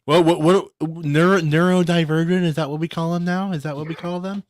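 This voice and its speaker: A man's voice: fairly high pitch, fairly even intonation, normal speed, no room sound, studio quality. A man joking and teasing his friends in a casual chat.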